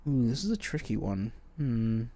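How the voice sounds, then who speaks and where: A man's voice: medium pitch, sing-song, normal speed, mellow. A man streaming a video game, thinking aloud in casual, muttered commentary.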